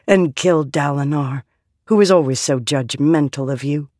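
A narrator voicing a menacing shadowy double of a woman, speaking in a low, coaxing tone. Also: measured pace, darkish tone, no room sound, studio quality, lightly acted.

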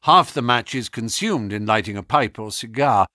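A man voicing Sherlock Holmes, a keen and sharp-minded detective who speaks in a measured, probing and lecturing way, in an audiobook reading. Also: medium pitch, lively intonation, dry recording, clean studio sound.

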